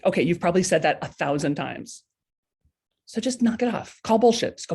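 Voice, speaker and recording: Woman, live coaching stream, husky and low-pitched, blunt and lively, acts out inner voices. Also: normal speed. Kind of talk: casual motivational talk. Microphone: webcam or laptop mic for a live stream.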